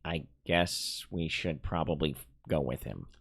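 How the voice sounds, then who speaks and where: A man playing and co-hosting a tabletop game stream, easygoing and quick to laugh. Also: extremely low pitch, creaky, a bit bright. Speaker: regular player and co-host. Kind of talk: casual tabletop game play.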